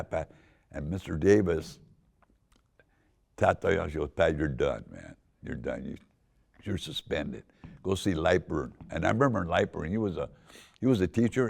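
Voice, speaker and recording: Deep gravelly older man telling a story. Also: darkish tone. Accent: Southern Californian. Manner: rambling anecdotal telling with laughs and restarts. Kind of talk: casual spoken memoir.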